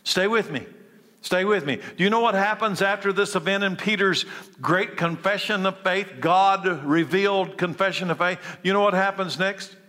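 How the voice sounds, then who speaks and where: Emphatic preacher with a bright high voice. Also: male voice, moderate pace. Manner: dramatic swings from hushed to emphatic, repeating key lines. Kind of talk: sermon. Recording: long hall reverb.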